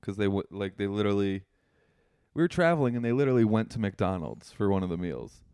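A man's voice: on the low side, big pitch swings, fast talker, mellow, clean tone, dry recording, clean studio sound. Giggly, teasing male podcast co-host. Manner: laughs often, teasing. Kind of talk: casual chat.

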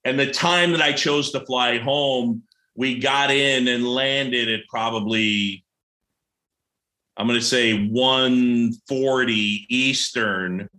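A man's voice: mid-range voice, slow, bright, forceful tone, echoey room. A man co-hosting a casual chat, talking in a chatty way and recalling games in detail.

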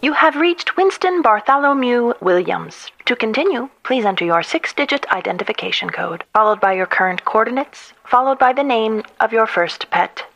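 A female AI phone system that reads endless prompts and drops cruel insults, as a woman voices it. The voice sits a little high, with a calm, automated delivery. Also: moderate pace, vocal fry, hardly any pauses, exaggerated voice, low-quality recording. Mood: deadpan.

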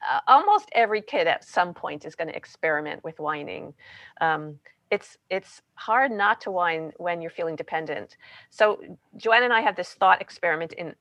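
A woman's voice: on the low side, a bit bright, dry recording. A woman, co-author of a parenting book, talking casually and often checking in with "right?" and "you know". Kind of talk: casual conversational explanation.

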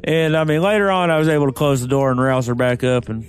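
Excitable, crude male storyteller. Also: medium pitch, quick pace, faint music behind. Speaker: podcast co-host. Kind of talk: casual podcast chat.

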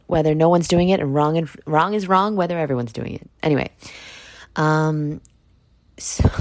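A woman's voice: low-pitched, gravelly, a little mellow, dry recording. A woman in her thirties hosting a solo podcast, talking candidly and bluntly in a rambling, casual way, with fillers and swearing. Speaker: podcast host.

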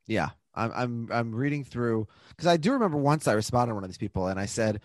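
एक आदमी जो पॉडकास्ट पर को-होस्ट के रूप में जल्दी-जल्दी, जोशीले अंदाज़ में बात करता है, किस्से सुनाते हुए दूसरों की बातें नकल करके बोलता है।. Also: male voice, lowish voice, no room sound. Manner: animated, quick storytelling with acted quotes. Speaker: podcast co-host. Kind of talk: casual chat.

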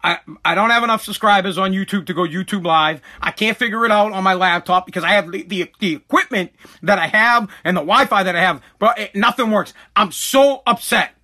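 Fuming, bright-voiced man ranting. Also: high-pitched, fairly quick. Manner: ranting, repeats himself, swears. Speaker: content creator. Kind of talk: angry rant to camera.

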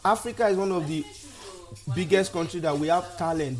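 A man's voice: on the high side, brisk, darkish tone. A man talking emphatically in a casual podcast conversation. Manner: emphatic, calls people bro.

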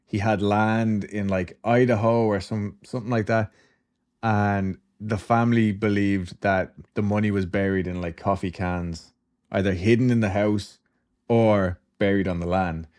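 A man's voice: on the low side, fairly even intonation, a little slow, darkish tone. A man hosting a podcast, telling a story in a loose, chatty way, with swearing and asides. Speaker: podcast host. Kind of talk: casual storytelling chat.

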